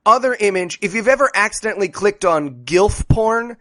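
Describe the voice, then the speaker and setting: A man's voice: high voice, lively intonation, normal speed, very noisy. A man co-hosting a comedic movie podcast, riffing crudely and mocking characters in silly voices. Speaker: podcast co-host.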